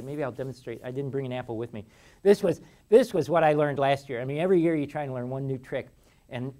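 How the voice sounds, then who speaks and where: With a medium-pitched, slightly mellow voice, a middle-aged man delivers a classroom lecture in a university lecture hall. He keeps it casual and chatty, often restarting sentences and laughing.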